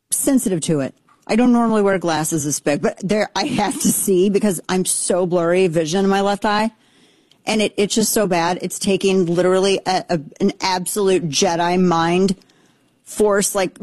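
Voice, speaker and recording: A woman's voice: on the low side, a little mellow, no room sound. Chatty, sarcastic woman host, dry sound. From Texas. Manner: chatty, rambling asides, sarcastic and blunt. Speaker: talk show host. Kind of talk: casual political commentary.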